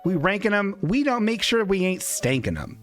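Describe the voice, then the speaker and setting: A man's voice: high-pitched, very animated, moderate pace, fairly bright tone, soft background music. Rambling male comedy show host. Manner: rambling, chuckles, restarts.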